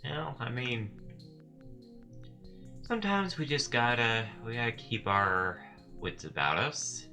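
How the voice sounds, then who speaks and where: A man's voice: mid-range voice, animated, takes it slowly, long pauses, bright, forceful tone, faint music behind. A man commentating his gameplay in a casual way, muttering wry asides and sarcastic quips, and sometimes reading the game text aloud.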